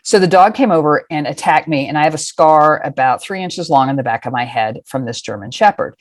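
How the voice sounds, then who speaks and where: A woman in her fifties with a low voice tells stories frankly, drifting off on tangents and swearing casually. The sound is close and dry, with no room around it. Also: fairly quick, no echo. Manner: frank, rambling, profane. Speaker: guest. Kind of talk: casual storytelling.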